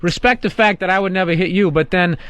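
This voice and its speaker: High-voiced joking radio host man. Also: a bit bright, clean tone, dry recording. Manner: joking, profane, quick to laugh. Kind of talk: comedic radio call-in banter.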